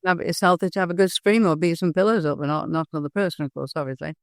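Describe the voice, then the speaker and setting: A middle-aged woman guest talks candidly in an interview. She tells her stories with animated energy, often restarting her sentences. The sound is close and dry. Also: low-pitched, quick pace, gravelly, no room sound. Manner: earnest, animated storytelling with frequent restarts. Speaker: guest, hypnosis and NLP trainer.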